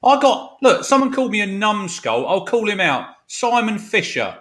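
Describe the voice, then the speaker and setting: A man's voice: high-pitched, big pitch swings, moderate pace, a bit bright. A man on a fan show ranting angrily about his football club, sweary and emphatic, over a video call. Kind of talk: heated football fan rant.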